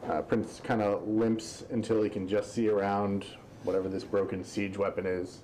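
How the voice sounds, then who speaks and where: A man's voice: fairly low pitch, normal speed, rough recording. A man playing in a tabletop game, joking and bantering casually. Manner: jokey, animated banter. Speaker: player. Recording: clear background hiss.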